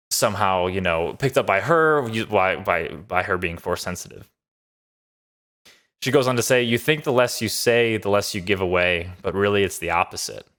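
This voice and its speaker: A man's voice: lowish voice, a bit bright. A man casually recapping and reviewing a TV episode, upbeat and rambling with lots of fillers. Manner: enthusiastic, loose with many fillers. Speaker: show reviewer.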